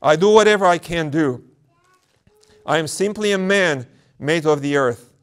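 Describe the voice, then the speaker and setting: A man's voice: on the high side, moderate pace, smooth, natural voice. A man doing a humble old monk. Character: humble elderly monk answering a demon calmly.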